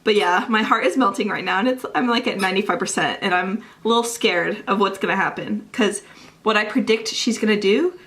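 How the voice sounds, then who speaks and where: A woman's voice: medium pitch, brisk, a bit bright. A young woman chatting casually in a reading vlog, gushing and swearing lightly, with lots of "like" in her talk. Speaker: book vlogger. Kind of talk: casual chat.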